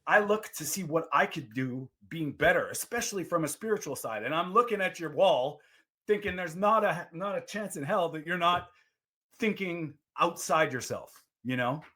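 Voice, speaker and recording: Male host: bright, forward tone, thinks aloud and restarts his phrases. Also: a little high, expressive. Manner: reflective, halting, rephrases as he goes. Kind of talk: conversational interview.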